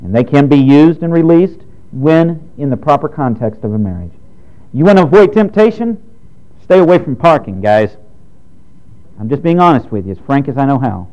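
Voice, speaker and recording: Lively preaching man in his thirties. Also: medium pitch, normal speed, lo-fi sound. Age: 30s. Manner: preaching with rising and falling emphasis, direct and frank. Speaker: pastor. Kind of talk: sermon.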